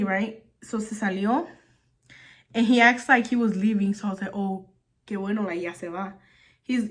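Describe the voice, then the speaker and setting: Chatty young woman vlogger. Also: a little high. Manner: chatty, filler-heavy, swears casually. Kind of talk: casual storytelling while doing makeup.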